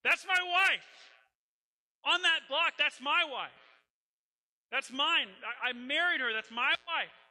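A man's voice: very high-pitched, slow pace, bright, forceful tone, long reverb tail, voice pushed up, heavily acted. A man voicing a desperate husband who pleads and cries out insistently in a strained, raised voice. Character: desperate prophet husband crying out for his wife.

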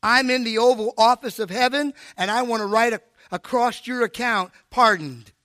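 An older man preaching a sermon at a live church service, animated and preachy, with joking asides. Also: extremely high pitch, moderate pace, dry recording, studio quality. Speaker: pastor.

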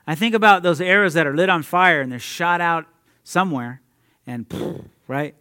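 Young guy preaching, kinda high voice, chatty and pumped, laughs a lot. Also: moderate pace. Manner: energetic, conversational preaching with frequent laughs and asides. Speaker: preacher at a youth ministry. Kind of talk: sermon.

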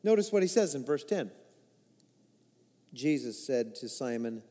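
A man preaching a sermon, swinging between loud emphatic lines and quiet low asides, and acting out the quoted lines in other voices. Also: very animated, a little slow. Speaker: pastor. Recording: reverberant hall.

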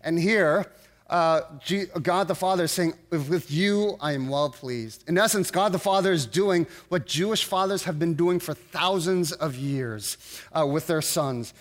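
A man preaching a sermon in a high, light voice. He speaks earnestly and haltingly, and often stops to restart his sentences. He sounds middle-aged. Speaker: pastor.

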